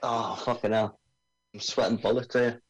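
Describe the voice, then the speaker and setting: A man's voice: medium pitch, flat delivery, moderate pace, husky, highs cut off, faint music behind. A man with a Scottish accent chatting on a video call, swearing and self-mocking. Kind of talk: casual chat on a video call.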